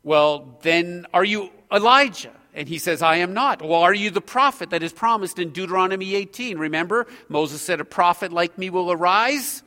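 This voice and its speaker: A male preacher with a high, bright voice delivers an expository sermon. He is earnest and emphatic, building intensity as he drives his points home. His voice carries a long reverb from the hall around him. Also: normal speed, hardly any pauses.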